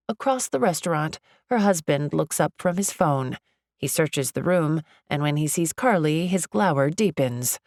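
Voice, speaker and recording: A woman narrating a romance audiobook in the first person, with an expressive, chatty delivery. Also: low voice, a little slow, no echo, studio quality. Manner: expressive, chatty, lively inner monologue.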